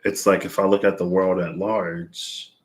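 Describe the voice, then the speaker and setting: A man's voice: low-pitched, flat delivery, a little slow. A man doing a tarot reading, thinking aloud in a rambling, searching way with lots of fillers. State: out of breath. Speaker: tarot reader. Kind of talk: reflective casual monologue.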